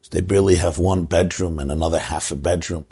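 A man's voice: deep voice, fairly even intonation, fast talker, warm tone, breathy edge. A man giving a religious talk, telling a joke as a story and drawing a lesson from it. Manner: storytelling, rising to emphasis. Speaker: Jewish religious teacher. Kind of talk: sermon with a told joke.

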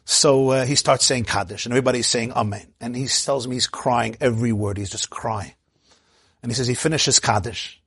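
Husky-voiced man telling a heartfelt story. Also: mid-range voice, moderate pace, a bit bright, no echo. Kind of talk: storytelling sermon.

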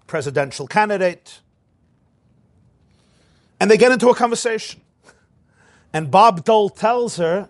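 A man giving a storytelling lecture, recounting events with animated emphasis and acting out quoted dialogue. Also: sits high, no echo.

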